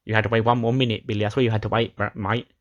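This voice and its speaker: A frustrated young woman wrestler, cursing and scolding her tag partner, as a man puts her on. The voice stays fairly low. It is a light impression tucked into a game recap. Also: level tone, rapid-fire, lo-fi sound, close to an everyday voice. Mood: exasperated. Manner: exasperated scolding.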